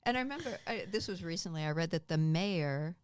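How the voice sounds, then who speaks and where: A woman's voice: fairly low pitch, expressive, clear, resonant tone, dry recording. A middle-aged woman from Massachusetts, a comedian guest telling punchy, self-mocking stories in a chat. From Brockton, Massachusetts. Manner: punchy, wisecracking, quick self-mocking asides. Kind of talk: comic storytelling in a chat.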